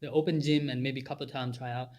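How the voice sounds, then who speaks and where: A man who is a podcast guest, telling stories in halting non-native English with many restarts and fillers, laughing as he talks. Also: mid-range voice, fairly even intonation, darkish tone. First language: Japanese or Thai. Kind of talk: casual conversation.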